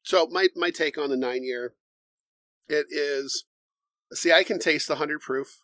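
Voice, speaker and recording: A man co-hosting a casual bourbon tasting podcast, explaining bottles and reading tasting notes in a measured way. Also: fairly high pitch, bright, forceful tone, no echo. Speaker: podcast co-host.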